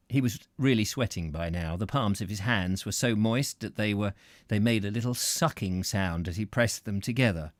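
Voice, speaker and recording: A man narrating a novel aloud in an expressive way, with occasional slips. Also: fairly low pitch, normal speed, dry recording, clean studio sound. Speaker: audiobook reader.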